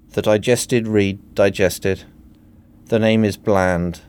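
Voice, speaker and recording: A man reading a comic book parody aloud in a dry, deadpan manner. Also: on the low side, slow, clean tone. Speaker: narrator.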